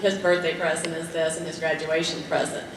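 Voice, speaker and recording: A woman's voice: low-pitched, little pitch movement. Older woman asking a question in a big hall. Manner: chatty, laughing, halting. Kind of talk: audience question at a panel. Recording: echoey hall recorded from far off with noise.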